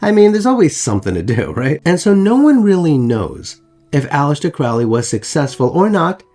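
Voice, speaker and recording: Lively, chatty male history host. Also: on the high side, moderate pace, faint music behind. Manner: chatty, joking asides to viewers. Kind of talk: narration over photos.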